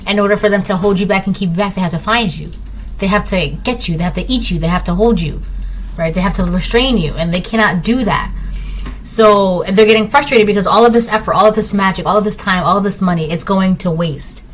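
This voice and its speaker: A woman's voice: mid-range voice, brisk, a little hiss or hum, poor audio. A woman giving a casual spoken tarot reading at home, talking in an emphatic, repetitive, conversational way with lots of fillers. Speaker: tarot reader.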